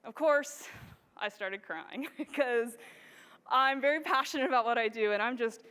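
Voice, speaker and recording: A woman giving an enthusiastic, animated storytelling presentation to a live audience. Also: fairly high pitch, measured pace, clean tone. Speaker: wildlife photographer giving a stage presentation. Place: large hall with a live audience. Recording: reverberant hall sound.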